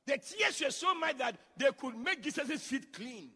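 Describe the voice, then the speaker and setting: A male pastor preaching a sermon, acting out quotes and shouting lines for emphasis. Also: extremely high pitch, big pitch swings, moderate pace, in a large hall. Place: church.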